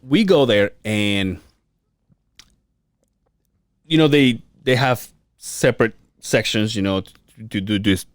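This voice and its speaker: A man's voice: fairly low pitch, slow pace, long pauses, no echo, clean studio sound. A man co-hosting a podcast in casual chat, telling a story with lots of swearing and laughter. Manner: storytelling, profane, laughs often. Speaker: podcast co-host.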